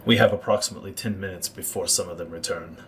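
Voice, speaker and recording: A man's voice: low voice, steady tone, recorded from a distance, noisy background, close to an everyday voice. A man playing a cold, scheming old court Maester. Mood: grave. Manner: measured, ominous, deliberate pauses.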